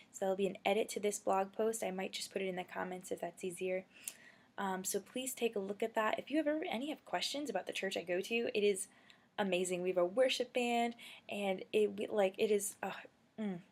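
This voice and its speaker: A young woman telling faith stories in a casual, chatty video blog, excitable and full of fillers, while feeling under the weather. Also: mid-range voice. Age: young adult. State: feeling sick. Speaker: video blogger.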